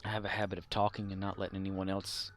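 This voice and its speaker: A man's voice: sits low, monotone, fast talker, fairly bright tone. A man streaming a game, chatting casually and rambling on, laughing often as he talks. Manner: rambling, talkative; laughs often while talking. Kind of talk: casual chat while gaming.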